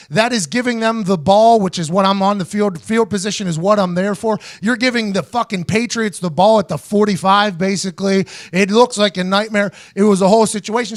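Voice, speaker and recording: Animated, profane American man telling a story. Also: high-pitched, dry recording, studio quality. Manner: animated, profane, acts out quotes in raised voice. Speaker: host, former punter. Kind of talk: casual storytelling podcast chat.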